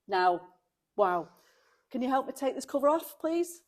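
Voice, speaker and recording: A woman hosts a casual vlog, talking straight to her viewers in a slightly high voice. She is emotional and quick to laugh, and thanks people warmly as she goes. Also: sing-song. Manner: warm, emotional, laughs often. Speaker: vlogger leading a car restoration. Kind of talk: casual chat to camera.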